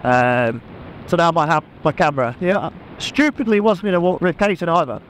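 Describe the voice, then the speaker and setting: A man chatting excitedly to a helmet camera while riding a motorbike, laughing often. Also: on the high side, brisk, slight background noise, poor audio. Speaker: motorcycle vlogger. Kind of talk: casual chat while riding. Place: on a motorbike on open country roads. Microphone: helmet-mounted action camera.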